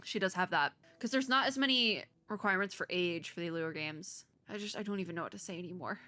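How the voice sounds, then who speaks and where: A woman's voice: fairly low pitch, quick pace, bright, forceful tone. A woman hosting a let's play, reading game text aloud and reacting with emotional, tearful, laughing, rambling commentary. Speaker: VTuber let's play host.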